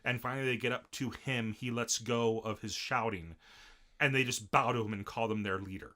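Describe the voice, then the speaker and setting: A man's voice: medium pitch, brisk. A man co-hosting a casual podcast, retelling an anime episode and acting out the characters' lines as he goes. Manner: animated, acts out characters' lines mid-recap. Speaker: podcast co-host.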